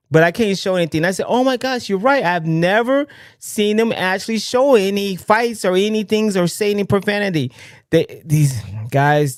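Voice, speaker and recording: A man hosting a casual live political commentary stream, talking in an excitable, rambling way with lots of restarts. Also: fairly high pitch, clean tone, dry recording, clean studio sound. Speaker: livestream political commentary host.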